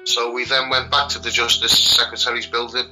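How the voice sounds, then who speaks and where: A man's voice: medium pitch, little pitch movement, a little fast, sharp tone, faint music behind, poor audio. A man with a Liverpool accent, a children's rights campaigner, answering interview questions plainly and hesitantly, with many ums. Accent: Liverpool (Scouse).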